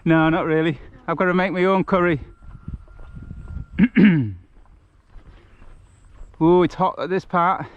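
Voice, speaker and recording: A man's voice: high-pitched, steady tone, takes it slowly, long pauses, clear, resonant tone, muffled recording. Chatty Englishman walking in the countryside. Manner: chatty, rambling, laughs often. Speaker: vlogger on a charity walk. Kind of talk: casual chat while walking. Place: outdoors on a rural road.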